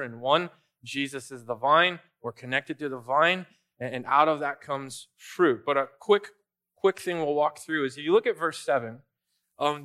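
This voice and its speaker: A man's voice: a little high, bright, forceful tone. A younger male pastor preaching a sermon in a church, talking in a loose, conversational way with fillers and restarts. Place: church sanctuary.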